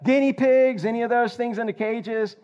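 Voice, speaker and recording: An older man preaching a sermon, animated and jokey, quizzing the congregation. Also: very high-pitched, moderate pace. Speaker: pastor. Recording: slightly dull lo-fi recording.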